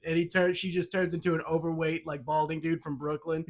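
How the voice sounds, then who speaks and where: Brief: young male co-host, high voice, animated, swears freely, jumps into quick character voices. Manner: animated, acts out scenes in quick put-on voices. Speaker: podcast co-host. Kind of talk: casual profane chat.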